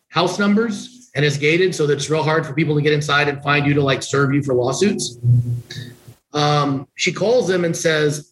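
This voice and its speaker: A man's voice: fairly high pitch, poor audio. A middle-aged man, a trial attorney guest on a podcast, telling a long story conversationally and slipping into the voices of the people in it. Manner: conversational, animated anecdote-telling with quoted dialogue. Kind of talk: casual storytelling interview.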